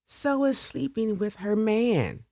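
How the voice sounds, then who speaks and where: A woman's voice: on the high side, animated, slow pace, gravelly, darkish tone, no room sound, clean studio sound, voice pushed up, heavily acted. Woman doing a sarcastic salon lady, blunt and nosy, takes her time. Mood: sassy.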